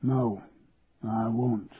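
Brief: male reader doing a wary old Yorkshire man, gruff and slow, tinny lo-fi recording. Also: mid-range voice, steady tone, a crowd in the background. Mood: angry. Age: older. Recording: tinny lo-fi radio recording, faint hiss.

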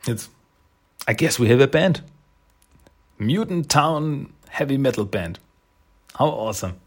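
A man casually reading through a comic and reviewing it with enthusiasm, with many pauses and fillers. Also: mid-range voice, lively intonation, breathy edge.

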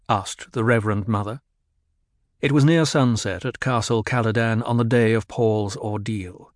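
A man narrating a novel in a measured, steady storytelling voice. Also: lowish voice, no room sound, studio quality. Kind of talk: audiobook narration.

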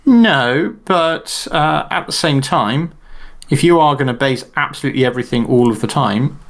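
Measured male podcast co-host. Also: mid-range voice, animated. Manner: measured, explaining tactics, careful and discreet. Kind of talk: casual chat.

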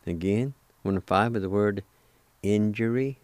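A man hosting a radio language lesson, spelling out words slowly and deliberately and gently encouraging listeners to practice. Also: fairly low pitch, no echo. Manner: slow, deliberate, spells out syllables. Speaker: language radio show host.

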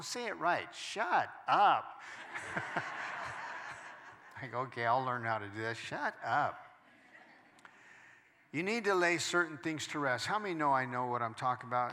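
A male pastor delivering a sermon in a big reverberant hall. His voice sits a little high and rings bright. He moves from hushed storytelling to loud, emphatic preaching. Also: a little hiss or hum.

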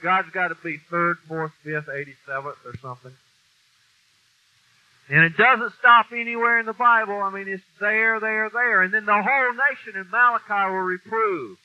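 In a meeting room with a microphone, a man gives a casual, plainspoken sermon, punctuated by mild curses and hard emphasis. He is high-pitched and moves at a moderate pace, and the recording is dull and lo-fi.

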